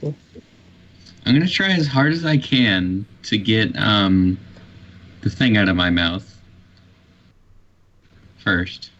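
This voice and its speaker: Slow hesitant man, lo-fi mic. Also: on the low side, fairly bright tone. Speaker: player. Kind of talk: tabletop game play.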